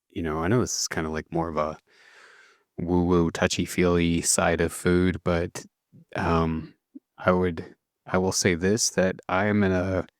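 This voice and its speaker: A man's voice: low-pitched, no echo, studio quality. A man in his thirties, a nutrition coach, talking reflectively on a podcast with many restarts and fillers. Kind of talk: casual podcast chat.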